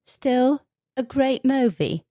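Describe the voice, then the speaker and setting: A woman's voice: high voice, expressive, takes it slowly, warm tone, dry recording. A woman co-hosting a casual podcast, reading a crime report while attempting a shaky British accent. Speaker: co-host, crime news segment presenter.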